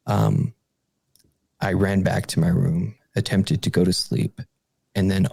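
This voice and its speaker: A young man with a low, gravelly voice recalls a frightening childhood encounter as a podcast guest. His telling halts and restarts, full of fillers and small nervous laughs. The sound is dark and dry, close to the mic. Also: no echo. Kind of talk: recounting a personal paranormal story.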